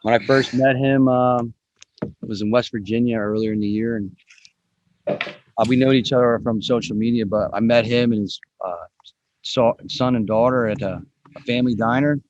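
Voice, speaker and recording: A man's voice: medium pitch, fairly even intonation, moderate pace, darkish tone, muffled recording, slight background noise. A man hosting a podcast in a casual, chatty way, swearing now and then. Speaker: podcast host.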